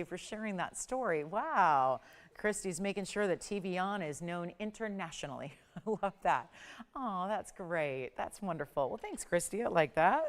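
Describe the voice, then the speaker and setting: A middle-aged woman hosting a live home shopping show, selling jewelry with upbeat, persuasive patter and excited price countdowns from a TV studio. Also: mid-range voice, clear, resonant tone. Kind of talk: live TV jewelry sales pitch.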